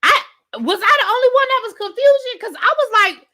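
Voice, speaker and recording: A woman with a high, bright voice rants sassily through a reality TV recap. She talks straight to her viewers in a loose, conversational style. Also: expressive, a little fast. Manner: sassy, conversational, addresses viewers as y'all. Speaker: TV recap host. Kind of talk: animated reality TV rant.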